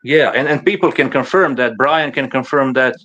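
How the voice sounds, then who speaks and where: A man's voice: medium pitch, moderate pace, over a noisy crowd. A man arguing on a boxing talk panel, repeating his points insistently and trading insults. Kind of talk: heated casual debate.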